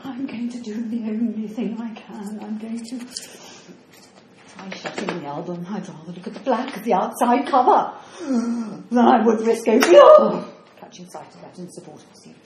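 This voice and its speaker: Woman playing a bewildered old lady with dementia, stammering, high voice, roomy echo. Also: big pitch swings, slow, background noise, exaggerated voice. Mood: withdrawn. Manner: flustered, stammering, panicky. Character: confused elderly woman with dementia in a care home.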